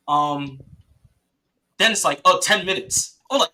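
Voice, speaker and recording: A man talking casually on a podcast, telling a rambling, excited story with many restarts and laughs, and acting out what his teammates said. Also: a little high, a little slow, pauses often, slight background noise. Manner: quotes teammates in lively voices. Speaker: podcast guest, paintball player.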